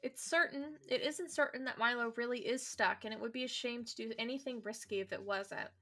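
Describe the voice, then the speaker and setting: A woman's voice: fairly high pitch, brisk, bright, forceful tone. A woman playing through a visual novel, reading its lines aloud and chatting casually between them, swearing now and then. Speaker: let's play streamer.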